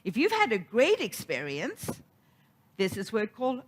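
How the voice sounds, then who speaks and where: Middle-aged woman preacher, animated storyteller with a lively, swooping delivery. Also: a little high, moderate pace, husky. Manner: storytelling, animated, acts out quoted voices. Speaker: minister. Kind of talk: sermon.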